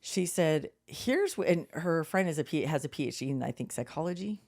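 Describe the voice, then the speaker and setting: Speaking fairly quickly in a deep voice, a woman co-hosting a podcast chats casually and spins animated stories. She swears freely and acts out the quotes in her tales.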